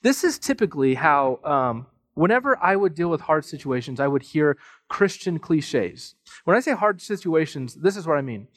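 Animated man preaching a humorous sermon. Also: fairly high pitch, moderate pace, dry recording, clean studio sound. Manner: conversational storytelling with self-deprecating humor; animated, with frequent fillers and asides. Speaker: pastor.

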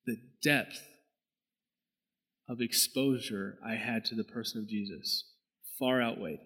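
A man's voice: mid-range voice, a bit bright, poor audio. A man, preaching a sermon as pastor in a conversational, storytelling way that rises into emphatic bursts.

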